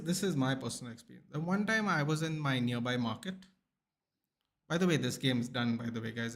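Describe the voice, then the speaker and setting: A young man from Goa, India, ranting heatedly and profanely in casual chat while streaming. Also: mid-range voice. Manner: heated, profane, animated storytelling. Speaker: sports watchalong streamer.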